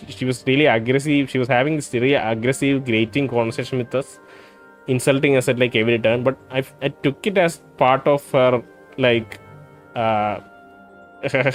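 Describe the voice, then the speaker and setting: Guy doing let's play commentary, mid pitch, stops and restarts a lot, faint music under it. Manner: thinks aloud, hesitant with many uhs and restarts.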